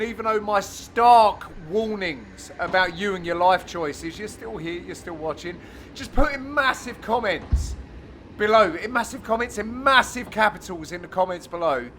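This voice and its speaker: A man giving jokey voice-over commentary on his own amateur match, teasing his friends with sudden loud exclamations. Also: sits high, lively intonation, moderate pace, slight background noise. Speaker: player and commentator.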